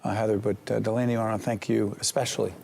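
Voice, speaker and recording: A man hosting a TV interview, energetic and quick to jump in with questions. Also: lowish voice, vocal fry, slight background noise. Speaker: TV interview host. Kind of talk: studio interview. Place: university campus studio.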